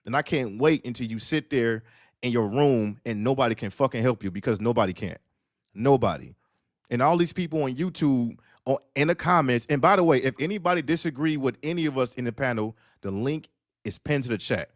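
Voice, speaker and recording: A man's voice: mid-range voice, normal speed, no room sound, studio quality. Emphatic man on a talk panel. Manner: emphatic and repetitive, acting out quoted voices in his stories. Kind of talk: casual commentary rant.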